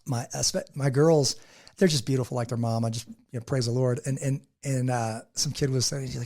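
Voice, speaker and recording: A man speaks quickly in an earnest, conversational way, with a gravelly, slightly husky voice. He tells stories and acts out what others said, at a middle pitch. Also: warm tone. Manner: earnest, storytelling, acts out quotes. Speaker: podcast guest. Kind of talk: casual conversation.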